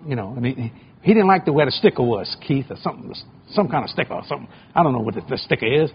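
A man's voice: mid-range voice, animated, fast, vocal fry, lo-fi sound, a little hiss or hum. A man preaching a sermon and telling stories from his own life, speaking boldly and often repeating words as he builds a point. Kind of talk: sermon with personal anecdotes.

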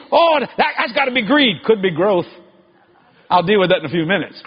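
A middle-aged man preaching a sermon in an animated storytelling way, shouting and laughing as he goes. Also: sits high, normal speed, husky. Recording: dull lo-fi recording.

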